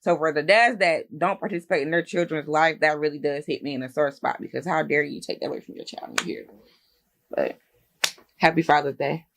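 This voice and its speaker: A woman's voice: low-pitched, steady tone, fairly quick, creaky, a bit bright, a little hiss or hum. Woman, podcast co-host, casual chat, candid, open, talks at length.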